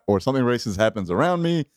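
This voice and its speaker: A man who is a comedian, a guest in a casual podcast chat, who talks in a calm and reflective way. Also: mid-range voice, a little fast, no echo, clean studio sound.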